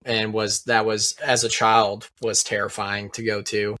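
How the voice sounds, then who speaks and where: An American man with a bright, forceful voice, talking casually as a podcast co-host. He rambles and restarts his sentences and swears now and then. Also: on the low side, level tone, unhurried. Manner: hesitant, rambling recollection with swearing. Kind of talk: casual chat.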